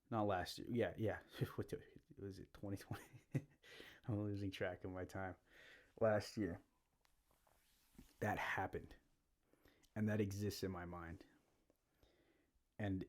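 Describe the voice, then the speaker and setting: Low-voiced man rambling through a monologue. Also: a little mellow. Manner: meandering, halting, repeats himself, frequent "you know" and "like". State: out of breath. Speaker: podcast host.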